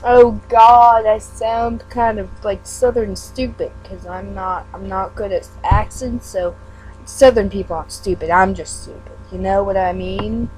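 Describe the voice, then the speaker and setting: A woman's voice: medium pitch, steady tone, unhurried, a little mellow, faint music behind, rough recording. A woman giving a casual read-aloud of a webcomic. She stumbles over words and breaks off into self-mocking asides. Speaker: fan reader.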